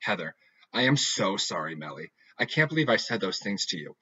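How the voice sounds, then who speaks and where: A man's voice: low voice, very animated, brisk, sharp tone, husky, no room sound, heavily acted. A man voicing an upset, dramatic teenage girl who complains emphatically. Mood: apologetic. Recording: dull lo-fi recording.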